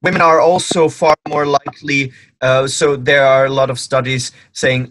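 A man's voice: medium pitch, steady tone, moderate pace, fairly bright tone, no echo, low-quality recording. Earnest man ranting in a dry recording. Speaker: panel guest. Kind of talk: casual panel discussion.

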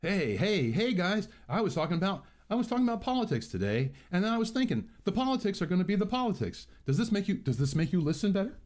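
A man's voice: high voice, big pitch swings, fast talker, hardly any pauses, darkish tone, pitched above the performer's own voice. A man mimicking a chirpy hyped-up YouTuber guy. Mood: mocking. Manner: chirpy, repetitive, mocking. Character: overeager male YouTuber hyping his viewers. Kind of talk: mocking parody. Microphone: earbud mic.

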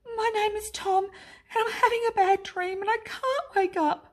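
A woman voicing a small, sad, lost little boy with a high plaintive voice. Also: moderate pace.

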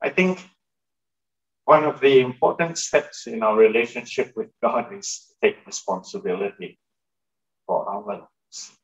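A man's voice: medium pitch, vocal fry, low-quality recording. A male pastor giving a sermon in a conversational way, turning to the congregation with asides and questions. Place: church hall.

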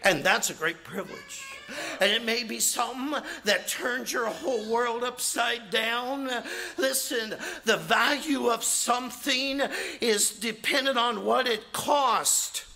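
High, bright-voiced man preaching animatedly. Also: takes it slowly, vocal fry. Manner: animated preaching with acted-out quotes. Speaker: evangelist. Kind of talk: sermon.

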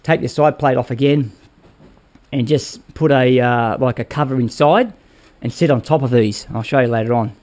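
A man's voice: mid-range voice, normal speed, a little mellow. A man casually talking viewers through a motorbike build in his workshop, rambling and checking in with "all right?" as he goes. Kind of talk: casual workshop how-to talk.

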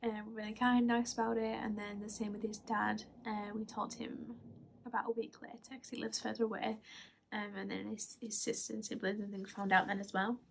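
A woman in her twenties from England telling a personal story to camera in a chatty, halting way, full of fillers and small laughs. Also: medium pitch, little pitch movement, creaky, a little hiss or hum. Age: 20s. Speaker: vlogger.

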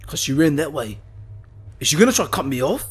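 A young man playing a horror game, swearing and panicking as he yells at the screen. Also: a little high, sing-song, quick pace, slight background noise. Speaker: gaming YouTuber. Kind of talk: horror game let's play.

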